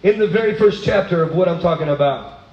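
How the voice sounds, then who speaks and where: A man preaching a sermon, animated, swinging from low asides to high, exclaiming bursts. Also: fast talker, roomy sound, dull audio.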